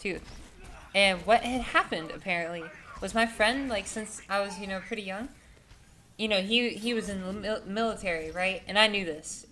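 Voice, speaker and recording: With a low-leaning, bright, and forceful voice, a young adult woman rambles through a casual, profane story, filling it with "like" and "you know." A little hiss or hum can be heard.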